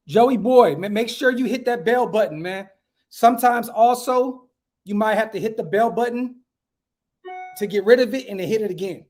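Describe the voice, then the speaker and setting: A man hosting a casual livestream podcast outdoors at home, talking in hyped slang and giving shout-outs to viewers. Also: sits high. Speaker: podcast host.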